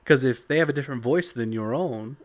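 A man's voice: mid-range voice, fairly quick. Rambling young man chatting casually. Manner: rambling, full of "like" and "you know". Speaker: podcast co-host. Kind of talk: casual chat about tabletop games.

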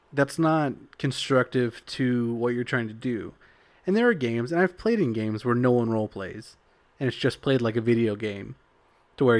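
Dude sharing strong opinions on roleplay games, dry mic, no room sound. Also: male voice, medium pitch, no echo. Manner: opinionated, talks in long runs. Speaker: tabletop role-playing player. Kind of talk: casual podcast chat.

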